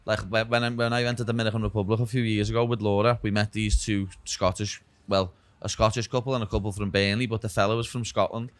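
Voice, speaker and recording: Young man, Scouse accent, low voice, casual chat, keeps saying lad, dry close mic. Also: flat delivery, quick pace, few pauses, no echo. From Liverpool, England. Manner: says "lad" and "know what I mean" a lot. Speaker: guest, UFC fighter.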